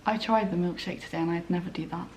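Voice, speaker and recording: A woman's voice: fairly low pitch, steady tone, quick pace, darkish tone, slight background noise. A young woman chatting casually at home, rambling with lots of "like" and acting out her own thoughts. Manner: rambling, full of "like" and quoted inner voices. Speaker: vlogger. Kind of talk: casual chat. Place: dining room table at home.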